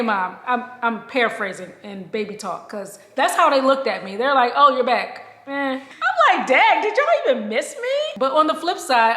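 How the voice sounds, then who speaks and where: A woman's voice: a little high, a bit bright. A woman talking casually to her viewers as a lifestyle vlogger, calling them "y'all" and laughing often as she chats from home. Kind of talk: casual chat to camera. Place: at home, moved from outdoors to indoors. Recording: echoey room.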